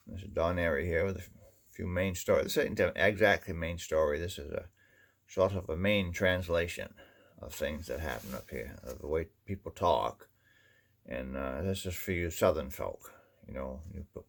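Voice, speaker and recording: A man's voice: rumbling low, creaky. A man from Maine with a Maine accent, rambling through a casual folksy monologue, full of "you know" and restarts. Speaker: vlogger.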